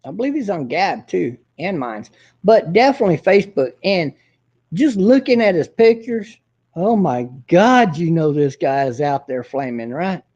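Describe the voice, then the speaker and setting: A man's voice: high-pitched, sing-song, normal speed, a little mellow. A man hosting his own show in a crude, profane, mocking ranting monologue. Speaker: show host. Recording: dull lo-fi audio.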